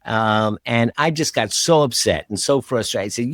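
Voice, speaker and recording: A man hosting a podcast interview, talking in a relaxed, rambling way with plenty of fillers and restarts. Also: on the low side, normal speed, no room sound, clean studio sound. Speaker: podcast host. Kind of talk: casual interview chat.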